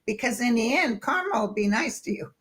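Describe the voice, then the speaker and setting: A woman guest telling stories in casual chat, lively and acting out the voices of people she quotes. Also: fairly high pitch, normal speed. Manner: lively storyteller who acts out quoted voices.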